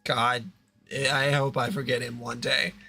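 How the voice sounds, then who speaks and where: A man's voice: medium pitch, level tone, measured pace, vocal fry, pushed and bright, soft background music. A man hosting a livestream, reading a story game aloud in a plain voice and breaking off into casual asides to his chat. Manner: reads narration plainly, breaking into asides and laughter.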